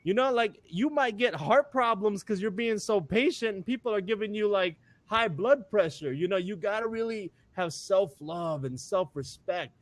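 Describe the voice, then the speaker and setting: A man talking as a guest in a casual conversation, animated and repeating words with many fillers. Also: high voice, normal speed, few pauses, no echo.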